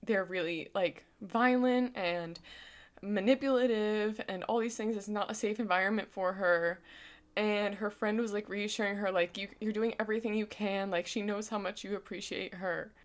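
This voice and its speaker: A woman's voice: mid-range voice, steady tone, moderate pace. Young woman in her 20s vlogging, teary and shaky, lots of likes and ums. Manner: emotional, voice goes shaky and soft, casual filler-heavy talk. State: close to tears. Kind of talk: personal storytelling.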